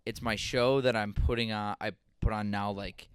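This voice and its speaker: A young man with a smooth, clear voice and a slightly low pitch, chatting loosely on a podcast. The sound is dry and close, with no room around him. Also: steady tone, moderate pace, no room sound. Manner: laid-back, rambling storyteller. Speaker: podcast co-host. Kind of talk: casual chat.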